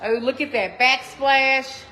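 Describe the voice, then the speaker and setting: A woman's voice: high-pitched, steady tone, takes it slowly, bright, forceful tone. A woman realtor giving a chatty walkthrough tour of a new home, exclaiming often and talking to viewers as y'all, filmed on a phone inside an empty house under construction. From Texas. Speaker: realtor touring a model home. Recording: echoey empty rooms with faint noise.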